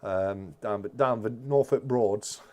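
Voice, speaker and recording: A man's voice: on the low side, slow pace, a little mellow. A man hosting a casual live-stream chat, reading out viewer comments and rambling with many restarts.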